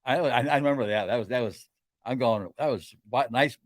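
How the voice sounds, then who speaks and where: An older man, the host's father, telling stories in a rambling, halting way during a casual chat. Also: medium pitch, no echo, studio quality.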